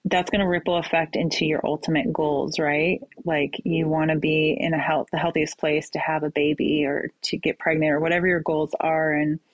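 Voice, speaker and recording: A woman with a very low voice speaks as a therapist guest on a podcast. Her advice is thoughtful and conversational. The recording is dry, with no room sound. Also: dry recording, highs cut off. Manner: thoughtful, advising, frequent fillers. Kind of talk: conversational interview.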